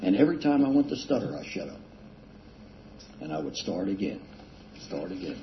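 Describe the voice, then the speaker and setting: An older man casually telling a self-deprecating recovery story, rambling with halting restarts and chuckles. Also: deep voice, very animated. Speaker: speaker sharing a recovery story. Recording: dull lo-fi recording with faint hiss.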